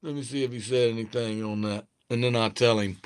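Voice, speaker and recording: A man's voice: medium pitch, fairly even intonation, a little fast, clear, resonant tone. A man, a rapper being interviewed, talking eagerly in a casual chat, rambling and trailing off mid-thought.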